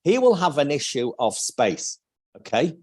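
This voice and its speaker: A man's voice: fairly high pitch, sing-song, a little slow, darkish tone. A man speaking on a live video call as an interview guest, thinking aloud with restarts and acting out sales lines.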